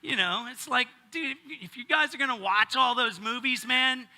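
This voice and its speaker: A man's voice: very high-pitched, moderate pace, pushed and bright. A middle-aged male pastor preaching a casual sermon, joking and bantering with his congregation.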